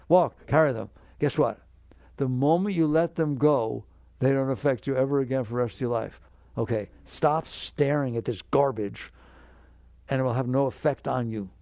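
A man's voice: medium pitch, vocal fry, mellow, dry recording. A man giving a spiritual talk to an audience, emphatic and direct, often asking rhetorical questions. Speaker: spiritual teacher.

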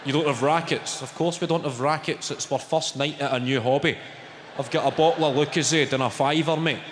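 A man's voice: a little high, steady tone, brisk, slight background noise. A man with a Scottish accent doing brash, sweary stand-up comedy, mocking the crowd. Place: large comedy venue, on stage. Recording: live hall, roomy and reverberant. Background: audience laughter.

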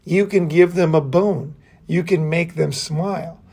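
Middle-aged guy rambling, swears a lot, kinda raspy gravelly voice, a bit high. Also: fairly even intonation, measured pace, darkish tone. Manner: rambling storytelling with frequent profanity and fillers. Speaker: podcast host. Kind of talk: casual monologue.

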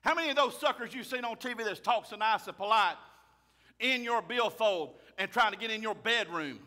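A man, a pastor preaching a fiery sermon loudly and emphatically. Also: high-pitched, brisk. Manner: loud, emphatic, raises his voice.

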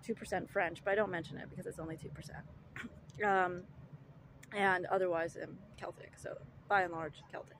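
A woman's voice: mid-range voice, a little hiss or hum, poor audio. A woman delivering an indignant, argumentative monologue, full of rhetorical questions, fillers and restarts. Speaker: vlogger.

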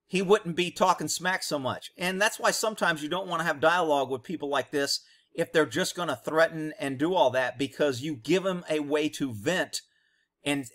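Blunt profane ex-cop commentator. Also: male voice, a little high, fairly bright tone. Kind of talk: casual video commentary.

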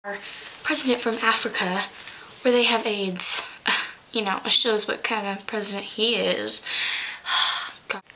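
A woman's voice: mid-range voice, measured pace, pauses often, sharp tone, slight background noise, rough recording. A teenage girl vlogging casually to her webcam, chatty and giggly, often stopping to correct her own slips. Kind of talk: casual chat to camera.

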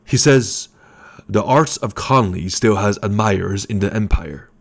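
A man's voice: lowish voice, measured pace, vocal fry, slightly rough, full character voice. A man reading an audiobook, voicing a sly male assassin and adviser with a sweet, musical tenor and a mocking manner.

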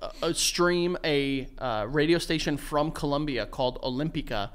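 A man's voice: a little high, moderate pace, clear, resonant tone. A man, co-hosting a casual podcast and telling rambling, joking stories. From New York. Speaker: podcast co-host.

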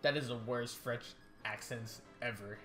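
A young man talking through a video game in a casual, excitable let's-play. He rambles and restarts his sentences, at a middling pitch. Faint game music runs underneath. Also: measured pace. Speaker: YouTube gaming host.

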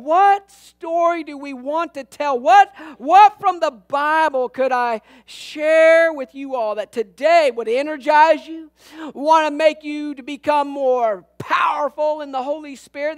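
A man preaching a sermon as pastor, telling funny stories and acting out the lines of people in them. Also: very high-pitched. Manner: storytelling with jokes and acted-out quotes. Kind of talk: humorous sermon. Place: church sanctuary.

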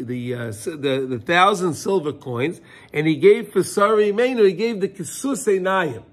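A man teaches a Torah class in a fairly high voice. He repeats his words and keeps asking his listeners questions as he explains. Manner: repeats words, asks listeners questions, mixes Hebrew terms.

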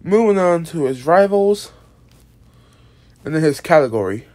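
A video creator introduces an original monster character in a casual explainer, sounding tired and yawning as he rambles. His mid-range voice is animated yet unhurried and a little mellow, and he keeps restarting and swearing offhandedly.

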